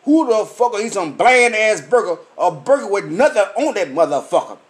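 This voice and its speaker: A man's voice: high-pitched, animated, moderate pace. A man, ranting angrily and profanely about food in a swaggering comic way. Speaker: vlogger. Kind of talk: profane rant.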